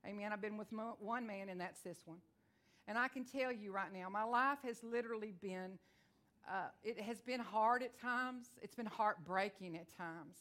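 A woman's voice: medium pitch, normal speed. Texan woman, guest preacher, folksy storyteller with a twang who swells into fervent declarations. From Texas. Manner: fervent, builds to loud declarations. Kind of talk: testimony sermon.

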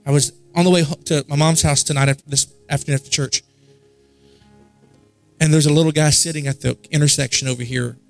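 A high-voiced male preacher telling a story. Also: steady tone, brisk, gravelly, soft background music. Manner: conversational storytelling with repetitions. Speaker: pastor. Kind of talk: sermon. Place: church service.

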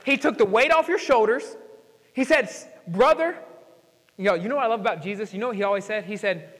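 Young guy pastor with a high voice preaching, slangy asides, slow heavy scripture reading, big echoey church hall. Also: fairly bright tone. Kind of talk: sermon. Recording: church hall with long reverb.

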